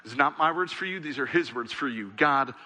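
A man in his thirties delivers a sermon to his congregation, earnest and repetitive, building long lists of reassurance. His voice is bright and pressing, a touch higher than most men's. The sound carries a long reverb from the church hall around him. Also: lively intonation, fast talker. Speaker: pastor.

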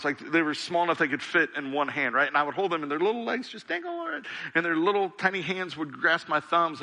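A man's voice: a little high, sharp tone, long reverb tail. A man in his thirties, a pastor, preaching a sermon in an earnest, repetitive style, piling up long lists to his church.

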